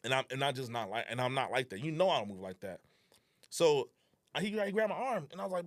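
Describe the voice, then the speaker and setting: A young man with a fairly high voice and quick pace chats casually as a guest. Animated and reenacting the conversation, he shares a personal story laced with slang and curse words.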